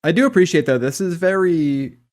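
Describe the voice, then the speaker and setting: A man's voice: on the high side, a little fast, darkish tone. A man co-hosting a podcast, talking loosely with jokey asides and casual swearing. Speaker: podcast co-host. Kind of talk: casual chat.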